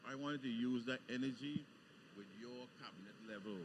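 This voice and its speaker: A man's voice: medium pitch, normal speed, noisy background. A man co-hosts a live morning talk program in a mid-range voice. He talks conversationally and repeats words as he works his way into his questions. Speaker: co-host. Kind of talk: casual radio chat.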